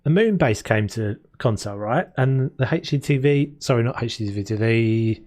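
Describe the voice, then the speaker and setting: A young man, streaming a renovation game, keeps up chatty, rambling gameplay commentary, talking to his chat and laughing frequently as he plays. His medium-pitched voice is a little mellow, with lively intonation at a normal speed, and faint game music plays underneath.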